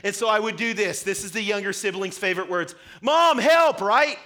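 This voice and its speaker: Fast and high-pitched, a young man preaches in a church sanctuary as the congregation's pastor, animatedly telling stories and impersonating himself as a child.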